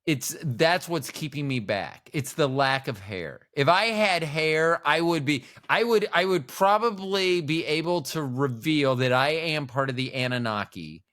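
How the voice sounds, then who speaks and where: A man's voice: a little high, fairly bright tone. A middle-aged man co-hosting a podcast, rambling through playful jokes in casual chat. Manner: rambling, playful, jokey asides. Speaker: podcast co-host.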